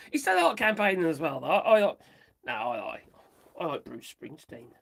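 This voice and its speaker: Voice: medium pitch, wildly swooping pitch, moderate pace, vocal fry, a bit bright, breathy edge. A host chatting loosely on a livestream, rambling, giggling and muttering while reading off a phone. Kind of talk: casual livestream chat reacting to viewers.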